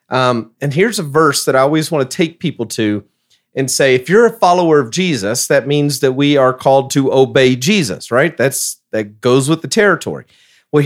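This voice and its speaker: Male pastor, podcast co-host, slightly higher voice, emphatic, reads scripture aloud. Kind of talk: casual podcast discussion.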